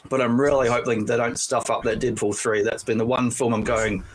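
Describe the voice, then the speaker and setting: A man's voice: medium pitch, little pitch movement, fairly quick, low-quality recording. A middle-aged man with an Australian accent, chatting as a guest on a video call. He is blunt and swears freely, laughing at his own lines. A faint noise hum sits behind him. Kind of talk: casual chat.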